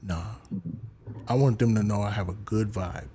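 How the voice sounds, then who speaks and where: A man's voice: on the low side, normal speed, mellow, slight background noise. A man, hosting a live stream and telling rambling comic stories, slipping into voices. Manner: rambling storyteller, slips in voices. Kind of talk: casual comedic chat on a live stream.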